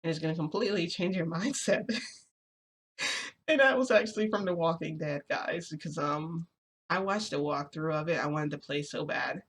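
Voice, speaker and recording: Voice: mid-range voice, normal speed, a bit bright, breathy edge. A vlogger talking casually to viewers, rambling and confessional, with many fillers and restarts. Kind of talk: casual vlog chat, venting.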